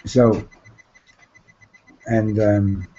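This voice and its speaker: A man's voice: fairly low pitch, level tone, drawn-out words, mellow, highs cut off. A man giving an informal Torah class. He often repeats himself, asks "right?" and mixes in Hebrew terms that he then translates. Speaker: Torah teacher.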